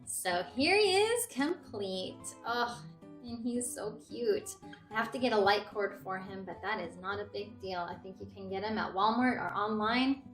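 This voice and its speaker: A young woman hosting a casual vlog, gushing with excitement as she shows off her finds. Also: medium pitch, normal speed. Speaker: host showing a thrift haul. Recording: echoey room, faint music.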